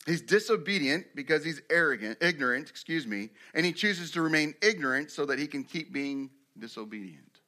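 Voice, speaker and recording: A man preaching a sermon, who moves from quiet storytelling to loud, emphatic preaching and asks his congregation questions. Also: a little high, lively intonation, brisk, hardly any pauses. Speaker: pastor.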